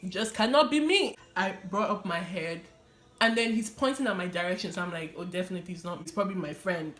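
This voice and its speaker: A woman's voice: on the low side, fast talker, a little hiss or hum. Young woman telling her testimony, echoey room. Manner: animated, laughs often, many fillers. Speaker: vlogger sharing her testimony. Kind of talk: casual personal storytelling.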